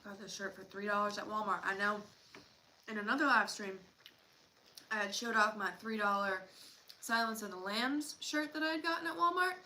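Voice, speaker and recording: Bright, chatty woman streamer. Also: mid-range voice, normal speed, slight background noise, poor audio. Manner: chatty and rambling, with many fillers and restarts. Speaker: livestream co-host. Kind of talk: casual livestream chat while eating.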